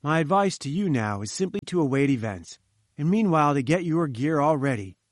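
An eager young journalist talks quickly and confidingly, full of enthusiasm, as a man reads him aloud. The voice sits a touch high and is recorded dry and close. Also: lively intonation, dry recording. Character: eager, talkative male journalist, young adult. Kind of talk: audiobook character reading.

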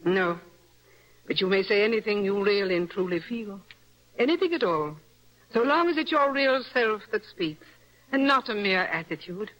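A woman's voice: medium pitch, animated, normal speed, muffled recording, close to an everyday voice. A woman playing a self-assured, teasing wife. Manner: gently teasing, composed, motherly. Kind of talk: radio stage-play acting.

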